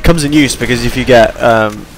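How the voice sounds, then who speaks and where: A man's voice: medium pitch, normal speed, over music. A tired young man giving rambling, chatty commentary over his gameplay, yawning between points. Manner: rambling, chatty, self-deprecating.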